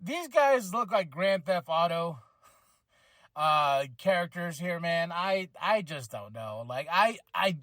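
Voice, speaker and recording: A man hosting a podcast, recapping a wrestling show in an excitable, rambling way with many restarts. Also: high-pitched, no room sound. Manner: acts out wrestlers' lines in quick voices. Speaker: podcast host reviewing wrestling.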